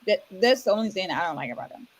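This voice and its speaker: A woman co-hosting a podcast, telling a story in relaxed, chatty casual talk. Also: mid-range voice, very fast, poor audio. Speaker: podcast co-host. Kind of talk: casual chat.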